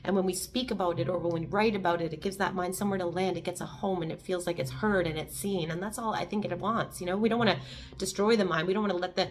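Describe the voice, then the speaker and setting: A woman hosting a daily reflection video, reading and musing on a meditation in an earnest, heartfelt, gently encouraging way, emotional and near tears. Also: fairly low pitch, fairly even intonation, fast, slight background noise.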